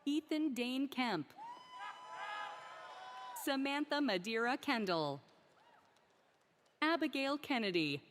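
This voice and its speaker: A woman reading out graduates' names one by one at a commencement ceremony, careful and deliberate. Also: sits high, very animated. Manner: slow, careful name reading. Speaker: commencement name reader. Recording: crowd and noise of a large ceremony.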